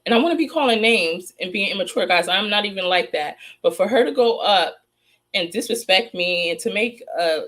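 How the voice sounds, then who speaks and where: A woman's voice: medium pitch, fairly bright tone. A woman hosting a psychic true-crime vlog, talking in a heated, scolding rant and repeating lines for emphasis.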